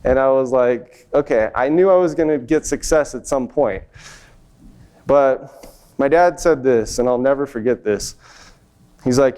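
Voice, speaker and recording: A young man speaking at a conference, telling a personal success story on stage in an animated way and acting out the people he quotes. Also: medium pitch, unhurried, clear, resonant tone. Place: event stage before an audience.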